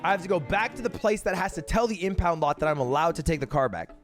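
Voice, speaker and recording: A man's voice: fairly high pitch, quick pace, soft background music. Fired-up young male storyteller. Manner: profane, exasperated, comic retelling. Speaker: streamer. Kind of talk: animated storytelling.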